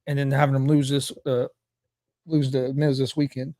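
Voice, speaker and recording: A young man co-hosting a casual sports talk show, halting and repeating himself as he starts his sentences. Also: medium pitch, flat delivery, mellow. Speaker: co-host.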